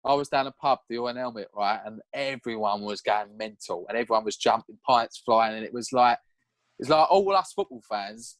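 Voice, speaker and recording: A young man telling his story in a casual podcast chat, animated and swearing now and then, acting out what he said back then. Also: medium pitch, moderate pace, no room sound. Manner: animated, acts out his own past lines in a raised voice. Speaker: podcast guest.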